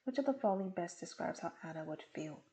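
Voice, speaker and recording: A woman tutor walks through exam questions one step at a time, patient and methodical. Her voice is mellow and dark, with a gravelly fry at the ends of her phrases. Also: lowish voice, animated, quick pace, low-quality recording. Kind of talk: explaining test questions.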